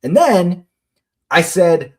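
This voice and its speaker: A man in his thirties with an American accent, co-hosting a casual podcast and telling expressive stories about his daughters. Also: extremely slow, husky. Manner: expressive storyteller, swings high when quoting, laughs easily. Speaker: podcast co-host. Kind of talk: casual chat.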